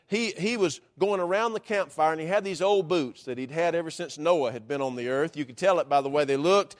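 High-voiced man telling a sermon story. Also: a little fast. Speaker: preacher.

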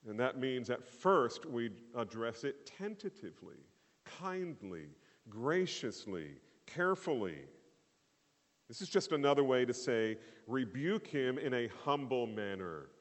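A man's voice: medium pitch, big pitch swings, a little slow, long reverb tail. A middle-aged male pastor preaching a sermon in a conversational way, with fillers and repeated phrases.

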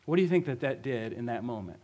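A man's voice: mid-range voice, expressive, fast talker, dark tone. A male pastor preaching a conversational sermon, telling a story vividly and asking the congregation rhetorical questions.

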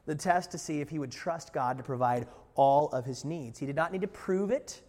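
A man preaching a sermon as pastor, animated, rising loud for quoted lines and joking asides to the congregation. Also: a little high, normal speed. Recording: reverberant hall.

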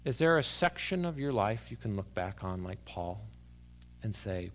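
A man preaching a sermon to a congregation, rising loud and emphatic, then dropping to quiet, hushed tones. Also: on the low side, very animated, normal speed, slight background noise. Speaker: pastor. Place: church sanctuary with congregation.

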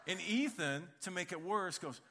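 A middle-aged male pastor delivers a sermon in a lively, joking storytelling manner. His voice sits a bit high and sounds bright and forceful. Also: normal speed, a little hiss or hum. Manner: animated storytelling with humor.

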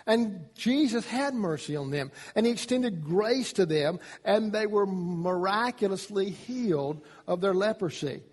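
High-pitched man preaching in a reverberant hall. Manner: emphatic preaching, rising in pitch and loudness on key points. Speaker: pastor. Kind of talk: sermon.

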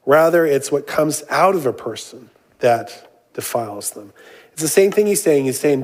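Man preaching with casual asides. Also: medium pitch. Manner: reads scripture aloud, then explains it with casual asides and jokes; frequent "uh" and "um" fillers. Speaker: pastor. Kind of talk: sermon.

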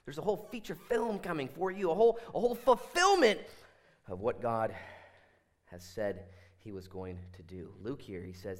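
Male pastor in his thirties, sermon delivery, animated with sudden loud bursts and hushed asides, middle pitch. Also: fairly quick. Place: church sanctuary.

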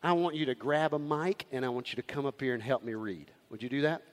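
A man preaching a sermon as pastor, calling out to the congregation and swinging from loud to hushed. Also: mid-range voice, fast, in a large hall, a little hiss or hum.

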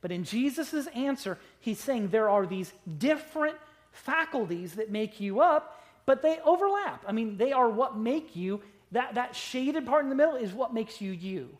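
A man preaching a sermon, conversational with rhetorical questions, swinging between loud stressed words and quiet asides. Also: extremely high pitch, lively intonation, moderate pace. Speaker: pastor.

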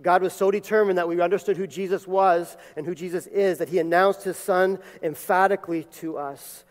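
Emphatic high-voiced preacher in a reverberant hall. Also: male voice, steady tone, a little fast. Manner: emphatic, building to loud peaks. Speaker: pastor. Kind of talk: sermon. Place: church sanctuary.

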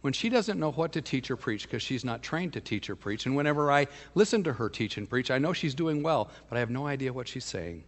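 Preacher telling stories in a hall. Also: male voice, mid-range voice, expressive, brisk, few pauses. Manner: storytelling, emphatic, dropping to a hushed voice for intimate points. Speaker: pastor. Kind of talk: sermon.

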